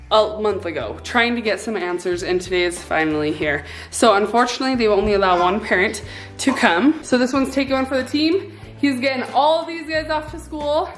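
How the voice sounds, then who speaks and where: A woman's voice: mid-range voice, fairly bright tone. A young woman vlogging from her car and a hospital waiting room, talking in an emotional, nervous, chatty way into a handheld phone. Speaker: vlogger mom. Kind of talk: casual vlog.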